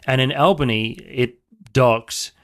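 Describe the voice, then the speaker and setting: Australian man telling lively stories. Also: mid-range voice, takes it slowly. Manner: animated anecdotal storytelling. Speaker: maritime historian guest. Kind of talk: casual podcast chat.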